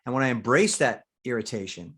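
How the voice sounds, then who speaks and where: Here a husky, mid-range male voice moves a little fast. The speaker, an older American actor with long experience, gives a frank interview as a guest, playing out the voices in his head with lots of swearing and animation.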